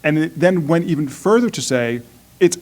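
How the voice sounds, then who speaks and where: A man's voice: on the high side, animated, normal speed, a little mellow. A man speaking as outside counsel on a conference panel, talking through legal points conversationally with rhetorical questions and frequent restarts. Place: conference breakout room.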